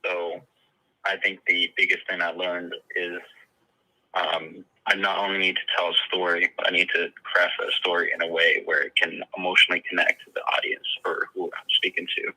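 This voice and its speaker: A man with a very low, husky voice that still has a sharp, bright edge. He talks in a halting way, stacking fillers and restarting his sentences as he practices his testimony. The sound is a little thin, like it came over a phone line. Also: little pitch movement. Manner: hesitant, many fillers and restarts. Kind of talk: coached interview practice.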